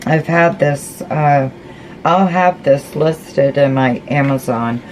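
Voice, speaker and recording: Woman, low voice, unhurried, chatty craft vlog, faint background hiss. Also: a little mellow, poor audio. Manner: chatty, folksy, talks to herself while painting. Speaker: crafting vlogger. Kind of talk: casual craft tutorial chat.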